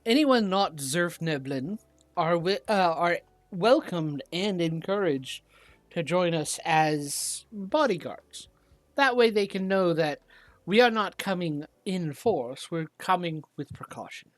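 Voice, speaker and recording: A game master voicing a diplomatic deep gnome woman leader who speaks earnestly, with hesitant fillers, on a dry close mic. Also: lively intonation, slow pace, no room sound.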